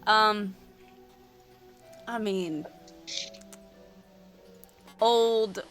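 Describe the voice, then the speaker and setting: A woman running a tabletop role-playing game, stopping often for fillers as she lays out the scene. Her voice is bright and clear, her delivery slow, with faint music playing behind her. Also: mid-range voice. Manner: hesitant, full of fillers, laughs easily. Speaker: game master.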